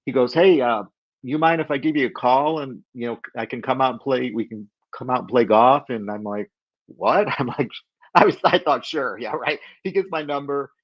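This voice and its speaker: A middle-aged man telling a story as a podcast guest, animated and acting out the voices of people he quotes. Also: medium pitch, normal speed, dry recording, lo-fi sound.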